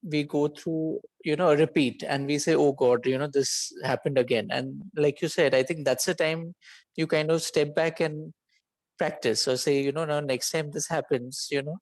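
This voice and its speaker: A man's voice: on the high side, steady tone, moderate pace, no room sound, low-quality recording. A man in a casual discussion who talks hesitantly, filling his sentences with "you know" as he checks his understanding. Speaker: conversation partner asking questions.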